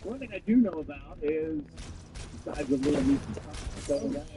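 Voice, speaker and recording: A man's voice: on the high side, expressive, moderate pace, background noise. A man hosting a comedy talk show, delivering wry, mock-serious and profane banter.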